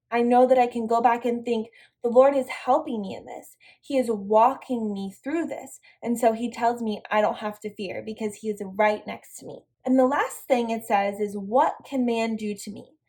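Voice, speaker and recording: A woman's voice: on the high side, darkish tone. A young woman leading an online devotional lesson for a girls' youth group, upbeat and encouraging as she speaks straight to the girls.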